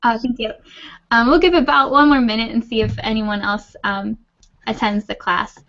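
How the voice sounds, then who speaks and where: A woman's voice: on the high side, fairly even intonation, normal speed, a bit bright, dull audio. A woman teaching an English class over a video call, patient and reassuring. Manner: patient, reassuring, laughs often. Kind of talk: online class, friendly explaining.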